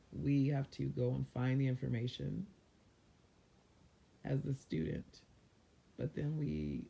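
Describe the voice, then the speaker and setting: A man from San Diego, California, a mindfulness vlogger, gives casual motivational advice to viewers in a loose, conversational way. His medium-pitched voice is warm, with some vocal fry.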